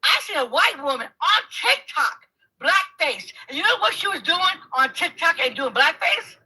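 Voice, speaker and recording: A furious woman swearing through a heated livestream argument, her voice high and bright, swinging wildly up and down. She talks over her opponent and keeps breaking into shouts. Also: very animated, normal speed, poor audio. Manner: profane, angry, talks over others; loud, bursts into shouting. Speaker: guest in a live debate.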